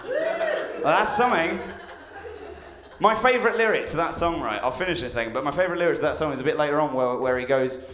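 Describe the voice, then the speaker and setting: Deadpan man doing stand-up on stage. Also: on the high side, fast. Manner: deadpan, self-mocking, playful voices. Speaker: stand-up comedian. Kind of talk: live stand-up with a rap bit. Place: theatre stage with a live audience. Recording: echoey live venue with backing music.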